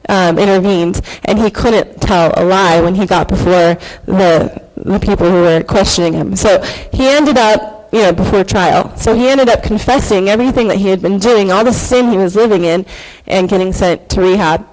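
A woman in her thirties delivers an emotional, earnest faith testimony before a church audience, using hesitant fillers. She talks at normal speed with hardly any pauses, in a mid-range voice with a darkish tone. The recording quality is low.

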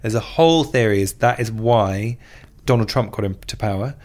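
A man's voice: fairly low pitch, moderate pace, a little mellow. A man hosting a podcast, reading listener messages aloud in chatty, playful casual talk. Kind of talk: casual chat.

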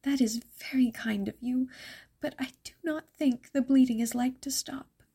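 A woman voicing a frightened, gentle young peasant girl in a soft breathy whisper, with tearful, old-fashioned formal speech, in whispered role-play. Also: fairly high pitch, measured pace, pitched above the performer's own voice.

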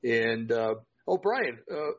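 A man's voice: medium pitch, lively intonation, slow. A tired man hosting a podcast, affirming his co-host and signing off with lots of fillers. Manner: affirming, loose and filler-heavy. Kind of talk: casual podcast sign-off. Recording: dull lo-fi podcast audio.

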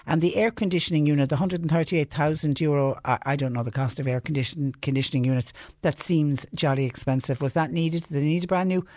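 A man's voice: a little high, fairly even intonation, fast, few pauses, darkish tone, no echo, clean studio sound. A man with an Irish accent hosting a radio phone-in show, talking in a chatty, indignant way and firing off rhetorical questions. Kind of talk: radio talk show monologue. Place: radio studio.

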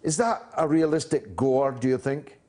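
A man hosting a political interview, asking long, measured questions broken up by frequent "uh" pauses. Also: mid-range voice, a little mellow. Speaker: host.

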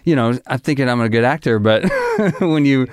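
A man from Arkansas, an actor guest on a podcast, speaking softly and haltingly with frequent restarts, recorded close on a studio mic. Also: medium pitch, clean tone, no room sound. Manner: soft-spoken, halting, frequent restarts and laughs. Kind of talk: casual interview chat.

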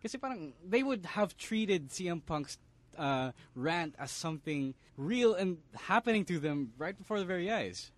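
A man's voice: high voice, lively intonation, moderate pace, no room sound. A man, co-hosting a casual wrestling podcast and breaking down the show, slipping Tagalog into his English. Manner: analytical, mixes Tagalog into English. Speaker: podcast co-host.

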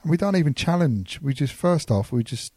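A man's voice: fairly high pitch, lively intonation, fairly quick, a little mellow, no room sound, studio quality. A man co-hosting a casual football fan podcast, blunt and grumbling in his criticism. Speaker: podcast co-host.

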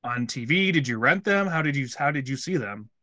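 Bright-voiced joking American guy. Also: mid-range voice, expressive, fairly quick, no echo, studio quality. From United States. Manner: joking, rambling with restarts. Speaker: podcast co-host. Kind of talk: casual movie review chat.

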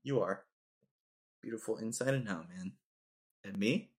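A man's voice: fairly low pitch, measured pace. A young man hosting a casual podcast chat, telling joking stories and saying dude and bro a lot. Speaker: podcast host.

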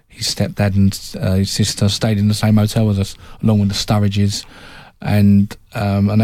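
A man's voice: on the low side, dark tone, no room sound. A man who is a football journalist, telling a chatty anecdote on a panel. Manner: anecdotal storyteller, puts on a mimicking voice for quotes. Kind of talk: casual panel chat.

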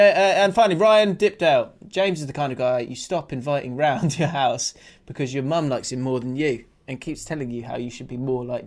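Giggly laid-back podcast co-host, male. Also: mid-range voice. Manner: laughs often, rambling restarts. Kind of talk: casual chat, reading listener messages.

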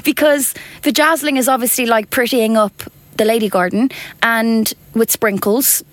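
A woman's voice: a little high, steady tone, normal speed, no room sound. A woman co-hosting a podcast in casual, frank back-and-forth. She keeps a playful tone. The sound is dry and close, with no room around it. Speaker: podcast co-host. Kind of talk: casual chat.

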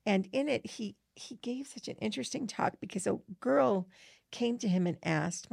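A woman's voice: mid-range voice, normal speed, gravelly, darkish tone, husky, dry recording, clean studio sound. A middle-aged woman co-hosting a scripture study podcast, talking earnestly and reading verses aloud. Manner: earnest and enthusiastic, with frequent fillers.

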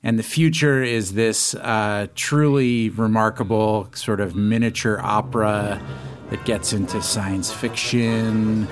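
A man's voice: fairly low pitch, fairly even intonation, takes it slowly, music in the background. A man hosting a podcast, giving an upbeat scripted introduction and stretching out key words. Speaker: podcast host.

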